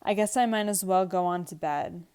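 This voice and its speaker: A woman's voice: lowish voice, moderate pace, darkish tone, clear, resonant tone, close to an everyday voice. A woman reading aloud the lines of a weary, patient young wife from a script. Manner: read aloud from a script, lightly acted.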